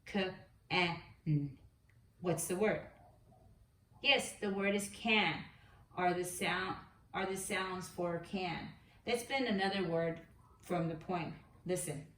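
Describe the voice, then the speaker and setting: A woman's voice: lowish voice, takes it slowly, far from the mic. A woman teaching a preschool lesson to young children, patiently sounding out letters and words. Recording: echoey room, voice away from the mic.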